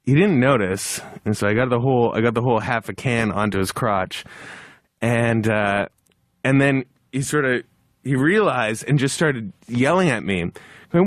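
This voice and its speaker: A man's voice: mid-range voice, moderate pace, no echo, studio quality. A man in his thirties, telling a comic anecdote as a podcast guest. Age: 30s. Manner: animated anecdote, shouting when he quotes others. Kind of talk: comedic storytelling on a podcast.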